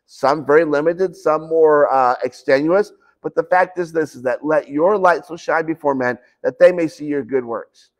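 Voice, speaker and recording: A man preaching a conversational sermon in a church, often restarting phrases and acting out quoted conversations. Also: on the high side. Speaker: pastor. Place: church sanctuary.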